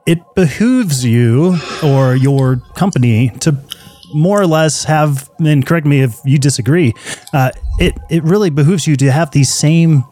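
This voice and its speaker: A man co-hosting a casual podcast. He talks in halting bursts full of restarts and often pokes fun at himself. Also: a little high, mellow, soft background music. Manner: halting, self-deprecating, many restarts. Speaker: podcast co-host.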